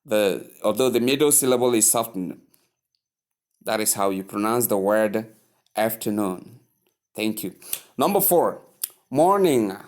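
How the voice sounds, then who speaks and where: A man teaching English pronunciation, repeating each word slowly and carefully. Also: fairly low pitch, animated. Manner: repeats words slowly, drawn-out emphasis. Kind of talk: slow spoken lesson.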